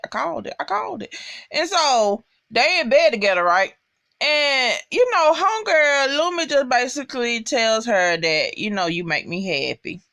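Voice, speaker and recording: Bright, blunt, cussing recap voice. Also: mid-range voice. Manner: profane, emphatic, talks straight to viewers. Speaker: TV episode recapper. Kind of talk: casual spoken recap.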